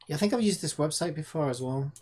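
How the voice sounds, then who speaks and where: A man's voice: on the high side, animated, fast talker, darkish tone. A man chatting sarcastically to himself while developing a game. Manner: rambling, sarcastic, talks to himself. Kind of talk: casual screen-recorded dev vlog.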